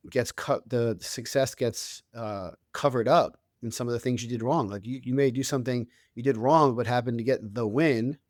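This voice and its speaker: A guest in his thirties, working as an author and youth coach, swaps casual stories on an interview show, full of fillers and restarts. He talks at a normal speed with hardly any pauses, his mid-range voice darkish in tone, recorded at studio quality with no echo.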